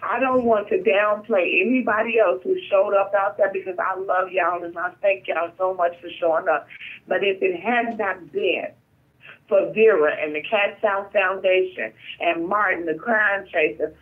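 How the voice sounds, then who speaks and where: A woman's voice: medium pitch, fairly even intonation, normal speed. A woman calling in by phone as a guest, speaking in an emotional, emphatic way. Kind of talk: phone-in testimony. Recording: tinny phone line.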